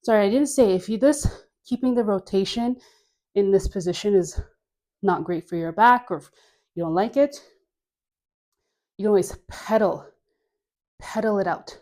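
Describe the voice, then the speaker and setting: A woman leading a dance workout class, cueing moves slowly between sighs and laughs, a bit out of breath. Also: mid-range voice, mellow. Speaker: dance instructor.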